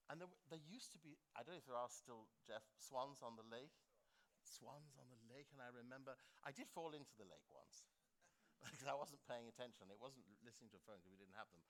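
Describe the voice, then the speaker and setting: Older man, from england, bright voice, lively anecdotal speech, laughs a lot. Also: medium pitch. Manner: animated storyteller who laughs often and acts out quotes. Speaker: guest speaker at a book launch. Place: school theatre.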